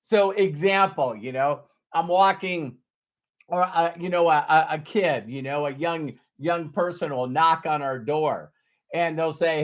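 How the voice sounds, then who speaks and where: Slow-talking high-voiced man, emphatic. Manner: earnest, emphatic, repeats key phrases. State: choked up with emotion. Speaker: sales trainer. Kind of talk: motivational talk to camera.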